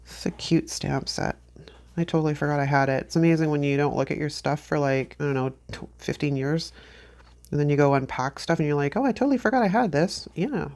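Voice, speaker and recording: Low, gravelly woman chatting casually. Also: flat delivery, fairly quick, darkish tone. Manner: chatty, rambling, self-deprecating. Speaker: planner channel host. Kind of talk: casual craft tutorial chat.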